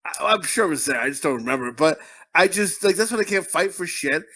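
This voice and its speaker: Animated foul-mouthed man, high voice. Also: fast. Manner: crude, animated, acts out quotes with laughter. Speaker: podcast co-host. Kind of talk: casual movie review chat.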